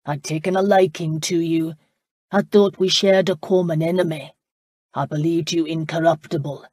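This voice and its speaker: A woman narrator voicing a proud, commanding Scottish laird with a genteel, rolling accent and a measured, lordly manner. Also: deep voice, steady tone, darkish tone, dry recording, studio quality. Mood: reproachful.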